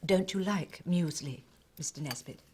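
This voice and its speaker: An actress playing a cool, prim politician's wife in a sitcom. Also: female voice, on the low side, normal speed, warm tone, a little hiss or hum, natural voice. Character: cold posh politician's wife, stiff and prim. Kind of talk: sitcom acting.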